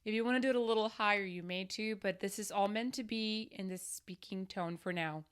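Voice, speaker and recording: In a calm, instructive way, a woman singing teacher gives a vocal lesson to camera, guiding each exercise step by step. Her mid-range voice has a clean tone and moves a little fast.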